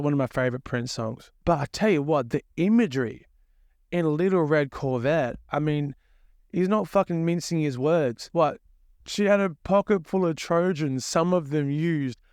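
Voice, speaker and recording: A man's voice: a little high, darkish tone, clear, resonant tone, dry recording, studio quality. A young man hosting his own music podcast, rambling crudely and swearing as he laughs at himself in a casual monologue.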